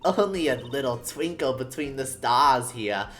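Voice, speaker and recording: A woman's voice: rumbling low, expressive, unhurried, faint music behind. A woman voicing a cranky, nagging old woman guarding a film studio in a video game. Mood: reminiscing. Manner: scolding, rambling, nagging. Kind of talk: game dialogue read aloud.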